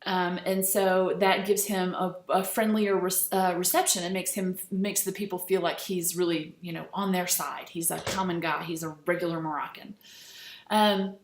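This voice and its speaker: A woman teaching a recorded lesson over slides, relaxed and chatty, with many fillers. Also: fairly low pitch, moderate pace. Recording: echoey room.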